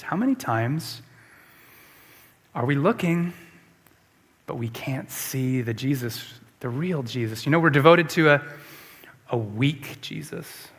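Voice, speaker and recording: Husky guy preaching, asks the room lots of questions, punchy then quiet, big echoey church hall. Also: mid-range voice. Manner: earnest, rhetorical questions, swings between emphatic and hushed. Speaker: pastor. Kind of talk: sermon.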